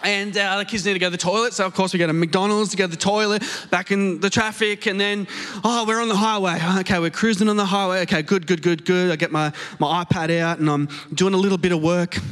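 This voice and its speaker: A man with an Australian accent preaching a sermon, telling a story in an animated, self-mocking way on a stage microphone in a church auditorium. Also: sits high, fast. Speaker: pastor. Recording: long hall reverb.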